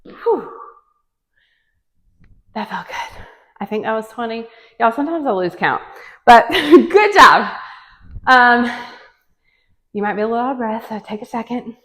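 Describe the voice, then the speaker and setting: A woman's voice: on the high side, moderate pace, pauses often, a bit bright. A woman leading a home workout, chatty and encouraging, counting reps and sometimes out of breath. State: out of breath at times. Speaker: fitness instructor. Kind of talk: guided home workout coaching. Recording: long reverb, echoey room.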